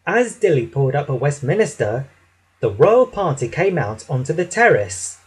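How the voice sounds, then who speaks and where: A man reading a children's picture book aloud in an expressive, lively way. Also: a little high, moderate pace, slightly rough, low-quality recording. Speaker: storybook narrator.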